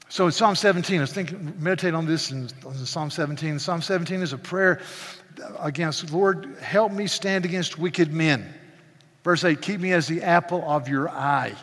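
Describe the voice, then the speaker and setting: A man preaches with fervor, his voice pitched a little high. He moves between hushed asides and loud, ringing declarations, stumbling over restarts. The sound carries the long reverb of a large hall. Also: normal speed. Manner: passionate, swings from soft to loud, stammering restarts. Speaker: pastor. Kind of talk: sermon.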